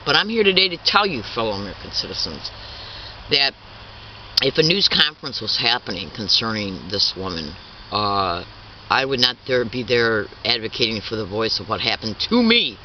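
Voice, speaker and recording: A man in his fifties, an activist giving an impassioned statement, halting and repetitive, full of restarts and insistent indignation. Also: lowish voice, very animated. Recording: dull distant recording with faint traffic.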